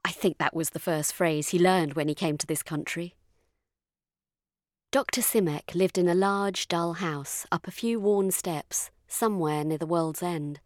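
A woman narrating a story in the first person, measured and dryly witty. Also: fairly low pitch, no echo, clean studio sound.

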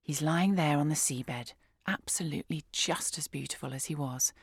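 A woman reading aloud, voicing a fragile, sorrowful English mother of fifty-six who speaks quietly and hesitantly. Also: sits low, normal speed, breathy edge, no echo, studio quality. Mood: sad, subdued.

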